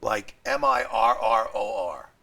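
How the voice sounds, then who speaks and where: Middle-aged male guest, New York accent, gravelly, lively, jokey restaurateur. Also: on the low side, unhurried. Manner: chatty, animated, jokey. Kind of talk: casual interview chat.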